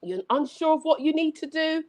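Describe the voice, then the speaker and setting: Energetic woman hosting a motivational live stream, higher voice with lively swings, preachy and emphatic. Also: a little fast. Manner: energetic, exclamatory, preachy, repeats phrases. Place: home setup with several screens.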